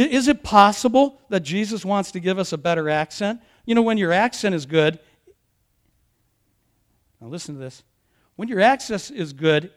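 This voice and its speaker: A man with a notably high voice delivers a sermon. He shifts between quiet, conversational asides and emphatic, building declarations that swell toward shouts, with touches of self-mocking humor. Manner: emphatic preaching, rising to shouts. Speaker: pastor.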